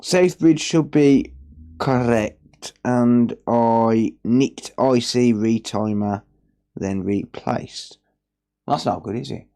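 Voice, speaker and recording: A man talks slowly and easily at his workbench, joking with viewers and swearing now and then. His pitch sits in a middling range, and he reads out repair notes in plain, offhand terms. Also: gravelly, mellow. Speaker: electronics repair livestream host. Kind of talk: casual livestream chat while working.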